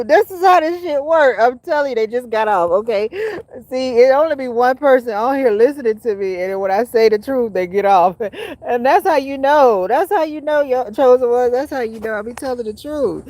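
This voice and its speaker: A woman hosting a livestream, giving her viewers a blunt, preachy and profane rant that swings between loud and hushed. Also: a little high. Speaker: livestream host.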